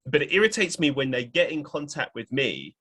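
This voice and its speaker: A man's voice: fairly high pitch, big pitch swings, brisk, bright, forceful tone. Frank, casual male podcast host. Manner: casual, frank, slightly irritated rant.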